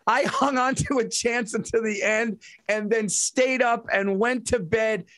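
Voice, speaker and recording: A man co-hosting a casual sports podcast, excitable and defensive, stumbling over repeated words. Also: very high-pitched, measured pace, no echo. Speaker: podcast co-host.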